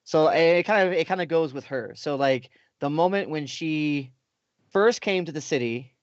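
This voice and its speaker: A man co-hosting a casual livestream chat, retelling scenes in an animated way. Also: a little high, moderate pace, no echo. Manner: animated retelling, often acting out exaggerated quotes. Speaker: co-host. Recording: dull lo-fi dry sound.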